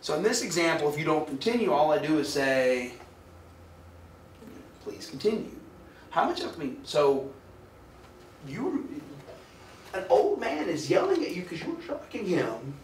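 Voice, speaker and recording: A man's voice: a little high, big pitch swings, brisk, few pauses, recorded from a distance, a little hiss or hum. Chatty man lecturing in an echoey hall. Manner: chatty, jokey, asks the class questions. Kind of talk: classroom lecture with student discussion.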